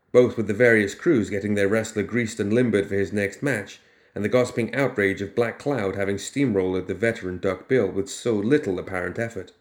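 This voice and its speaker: A man narrating a fiction audiobook in steady storytelling. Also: on the low side.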